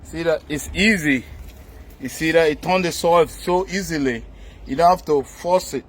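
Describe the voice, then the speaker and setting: A man's voice: fairly high pitch, moderate pace. Man coaxing through a farm demo. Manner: coaxing, repetitive, pointing things out. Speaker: farm demonstrator. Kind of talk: hands-on demonstration. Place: outdoors on a farm.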